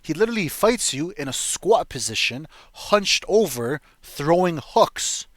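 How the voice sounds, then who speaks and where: A man's voice: fairly high pitch, very animated, a little slow, dry recording. A young man giving a blunt, profane, rambling casual breakdown of fight picks as a show host, full of fillers. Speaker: MMA fight predictions host.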